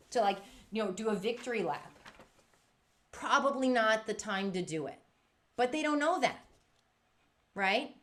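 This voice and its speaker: A woman leads a workshop for music teachers, speaking with lively emphasis. When she acts out quotes, her pitch leaps dramatically.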